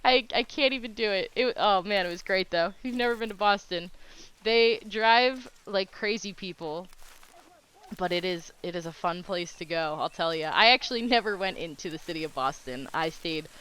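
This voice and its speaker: A woman's voice: medium pitch, moderate pace, a bit bright, clean tone. A young woman chatting casually while streaming a game, telling stories and laughing often. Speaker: live streamer.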